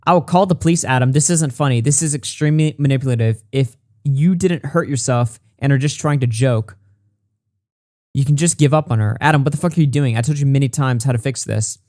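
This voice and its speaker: A man hosts a commentary show in a darkish, mid-range voice, recorded at studio quality with no echo. He quickly reads out messages and reports, then responds bluntly, with lots of swearing.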